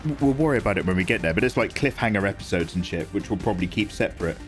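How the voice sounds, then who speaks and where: A man's voice: lowish voice, lively intonation, very fast, faint music behind. A man chatting casually and self-deprecatingly on a live art stream while he draws, reading chat aloud.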